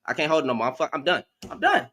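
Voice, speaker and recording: A man hosting a live stream call, ranting in exasperation and swinging between shouting and muttering. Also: fairly high pitch, racing. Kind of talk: heated live stream rant.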